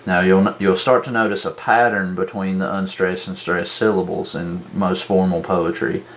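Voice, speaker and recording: A man teaching a tutorial at a worksheet, talking slowly and drawing out syllables to show their stress. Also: deep voice, flat delivery, a little hiss or hum. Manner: slow, deliberate, drawn-out syllables. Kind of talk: whiteboard tutorial.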